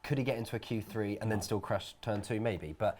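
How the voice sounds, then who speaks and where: A woman on a casual panel chat, quick to react and laugh. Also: a bass voice, darkish tone, slight background noise.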